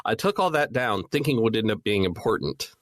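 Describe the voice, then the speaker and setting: Lively wry man in a dry room. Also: fairly low pitch, fairly quick, dry recording. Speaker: podcast co-host recapping the story. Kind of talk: casual recap and chat.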